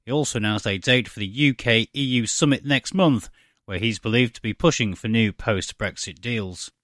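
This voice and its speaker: A man reading a scripted radio news bulletin in a measured, even delivery. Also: mid-range voice, dry recording, studio quality. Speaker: newsreader. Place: studio. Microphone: studio microphone.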